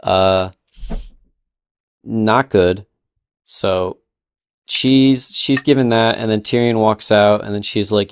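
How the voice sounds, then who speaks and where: A young man with a lowish, smooth and resonant voice, recapping a show for a podcast. He rambles loosely, full of ums and sarcastic paraphrases. The sound is dry and close, with no room around it. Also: steady tone, takes it slowly, no room sound. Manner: rambling, with filler and sarcastic quoted asides. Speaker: podcast co-host. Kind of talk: casual recap chat.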